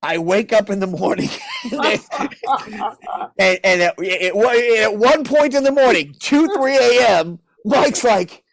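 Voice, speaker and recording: A man's voice: sits high, unhurried, vocal fry, no room sound. A man hosting a podcast, telling a long, rambling story in casual chat and acting out other people's lines. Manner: rambling storyteller, many restarts; animated, acts out others' lines. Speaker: podcast host.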